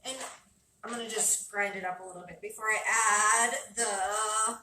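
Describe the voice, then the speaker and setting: This cooking vlogger talks casually to the camera as she makes a recipe with her kids, guiding her child along. She has a medium-pitched, steady voice at a moderate pace. Recorded in an echoey home kitchen from a distant camera, with noise in the background.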